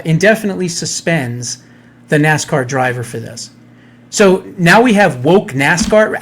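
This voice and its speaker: A man co-hosting a podcast, telling a story in a scornful, indignant tone. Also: a little high. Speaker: podcast co-host. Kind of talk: casual opinionated chat.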